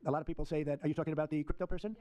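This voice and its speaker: A man's voice: on the high side, fairly even intonation, very fast, mellow. An older man answering reporters' questions in rambling, repetitive, dismissive remarks at a press conference.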